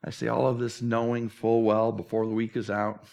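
A man preaching a sermon as pastor, earnest and candid, moving from animated talk to a hushed closing prayer. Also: fairly low pitch, moderate pace.

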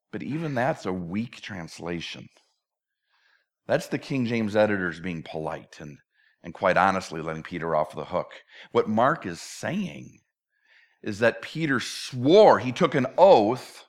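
A man's voice: mid-range voice, lively intonation, unhurried, fairly bright tone. A man preaching a sermon verse by verse, talking conversationally and slipping in playful acted asides. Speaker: pastor.

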